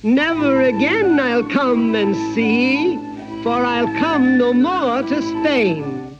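A man's voice: sits high, very animated, normal speed, muffled recording, over loud music. A man voicing a nimble-witted girl heroine in a storybook tale, with a sing-song, teasing delivery. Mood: defiant.

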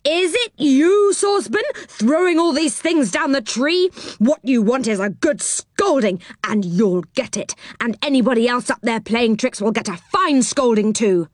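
A woman voicing an angry grown man who shouts and scolds, in a storybook reading. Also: lively intonation, measured pace, few pauses, no echo. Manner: loud scolding, high-pitched yells.

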